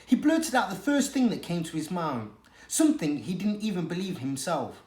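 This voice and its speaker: A teacher reading a children's novel aloud, with an expressive, dramatic storytelling manner. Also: medium pitch, normal speed. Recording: echoey room.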